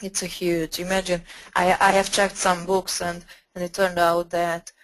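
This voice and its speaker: A woman with a flu-hoarse voice giving a webinar presentation, clearing her throat often and pausing to restart phrases. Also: fairly low pitch, level tone, low-quality recording. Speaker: guest speaker.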